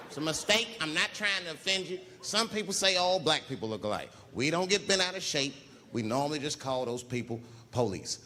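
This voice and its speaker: A male comedian telling profane stand-up stories, swinging between hushed and shouted delivery in a large live venue. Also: a little high, very animated, a little fast. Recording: reverberant live hall with ambient noise.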